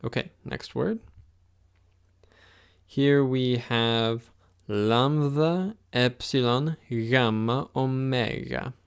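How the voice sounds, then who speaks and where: A man leads a pronunciation lesson, speaking slowly and patiently. He repeats each word so the listener can try it after him. His voice is smooth and resonant, with a gravelly edge at the ends of phrases. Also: medium pitch. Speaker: language teacher.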